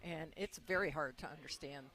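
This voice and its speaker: A woman's voice: deep voice, moderate pace, crowd noise. A woman from Ohio with a Midwestern accent, chatting as a guest on a radio show. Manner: chatty, reads a question aloud. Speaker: caller. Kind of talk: casual radio chat.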